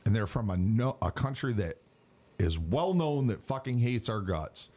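A man's voice: lowish voice, expressive, normal speed, warm tone. A man co-hosting a podcast in casual chat, ranting with heavy swearing. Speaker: podcast co-host.

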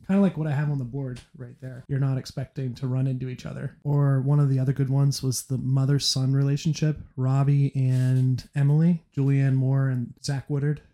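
A man hosting a podcast, chatting casually about movies and retelling scenes with animated laughter. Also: mid-range voice, fairly quick, few pauses. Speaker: podcast host.

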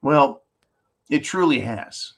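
Taking it slowly, a man from California reads out viewer questions on his political call-in show and rants with blunt sarcasm. His voice is a little high, animated, gravelly, and fairly bright.

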